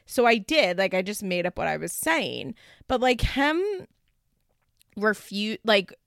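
A woman's voice: medium pitch, sing-song, a little slow, vocal fry, fairly bright tone, no room sound, studio quality. A young woman casually recapping a reality show with lots of "like" and swearing, and she acts out the quotes. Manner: rambling and profane, heavy use of "like", acts out quotes.

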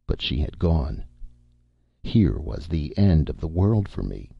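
Male audiobook narrator, very low, gravelly and husky, expressive; slightly dull recording. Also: slow, dry recording. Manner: expressive, melodramatic first-person reading. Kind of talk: storybook narration.

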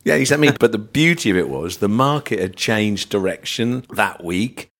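Casting: middle-aged English man, low voice, animated podcast storyteller. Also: normal speed. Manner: animated anecdotes, acts out voices. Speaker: podcast guest. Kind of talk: casual storytelling chat.

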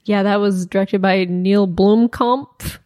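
A woman hosting a podcast in casual chat, playful and jokey, quick to laugh. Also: medium pitch, steady tone, warm tone. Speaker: podcast host.

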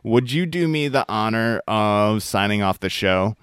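A man hosting a podcast interview, relaxed and jokey in casual chat. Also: fairly low pitch, unhurried, clear, resonant tone, dry recording. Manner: relaxed, jokey, uses fillers like "like" and "you know". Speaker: podcast host.

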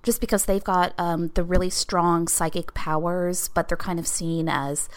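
A woman chatting casually on a podcast, animated and talkative with many fillers. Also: on the low side, moderate pace.

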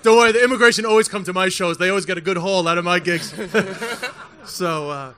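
A comedian telling stories live to a crowd on a rooftop, animated and joking. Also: male voice, high voice, fast talker, clear, resonant tone. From United States. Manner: animated, joking, acts out quotes. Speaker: comedian guest. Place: outdoor rooftop bar before a crowd.

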